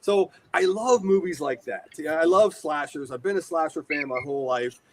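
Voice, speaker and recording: A man in his forties from the United States, telling rambling, animated stories as a guest in a casual interview. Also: on the high side, normal speed, background noise. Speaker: guest, horror shop owner.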